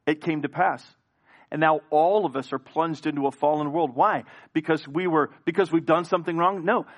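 A pastor preaching a sermon, acting out biblical dialogue and building in intensity. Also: male voice, mid-range voice.

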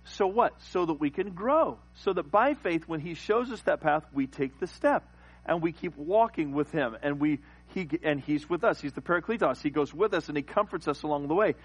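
Husky-voiced preaching man. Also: a little high, lively intonation, moderate pace, rough recording. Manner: preaching, rising to emphatic peaks. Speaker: pastor. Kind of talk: sermon.

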